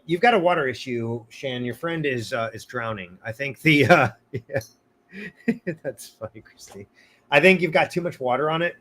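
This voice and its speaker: A man's voice: mid-range voice, fairly bright tone. Joking man hosting a live Q&A. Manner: joking, punny, laughs often. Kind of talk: casual livestream Q&A.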